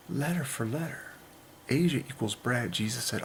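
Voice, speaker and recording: A man hosting a religious monologue, excitedly working through letter counts and dropping into whispers to stress a point. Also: mid-range voice, moderate pace, slight background noise. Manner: excitable, drops into whispers for emphasis. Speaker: channel host.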